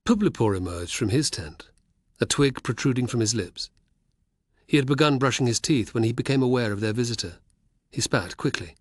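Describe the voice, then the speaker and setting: A man narrating an audiobook in a measured, even way. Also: mid-range voice, no room sound, clean studio sound. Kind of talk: scripted narration.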